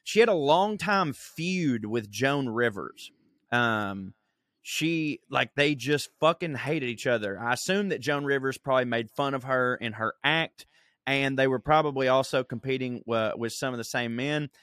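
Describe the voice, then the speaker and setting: A man's voice: medium pitch, unhurried, a bit bright, no room sound, studio quality. A man co-hosting a casual podcast, swearing freely and laughing as he reads out quotes. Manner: crude, laughing storyteller reading quotes aloud. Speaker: podcast co-host.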